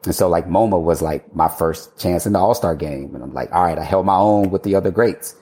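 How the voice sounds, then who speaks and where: An architect, speaking as a guest in a casual storytelling interview, recounts his career in a low, dark, mellow voice at a slightly fast clip. He animatedly quotes his past self, laughs often and swears freely.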